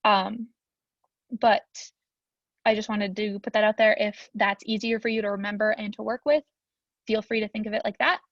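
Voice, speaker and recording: A woman's voice: medium pitch, fairly even intonation, moderate pace, long pauses, no room sound, dull audio. A young woman teaching a Spanish grammar lesson in a chatty, upbeat way, with frequent ums.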